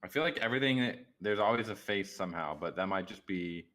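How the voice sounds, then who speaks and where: A laid-back man co-hosting a casual livestream, with a very deep voice. He drops dry, short remarks. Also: animated, a little fast, a bit bright. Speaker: co-host.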